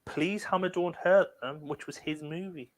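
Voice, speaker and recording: A man's voice: a little high, moderate pace. A man co-hosting a casual live stream, telling long, eager, rambling stories. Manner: enthusiastic, rambling storyteller. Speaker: co-host.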